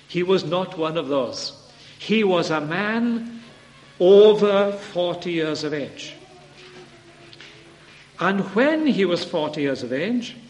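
A man with a high-pitched voice delivers an emphatic sermon, hammering home his points by repeating them. The sound carries a long reverb from the hall, with a faint hiss underneath. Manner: emphatic, repeats key phrases. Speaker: preacher. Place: church.

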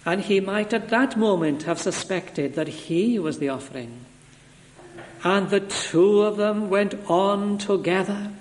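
A man preaching an expository sermon in an earnest, measured way, stressing points through repetition. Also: sits high.

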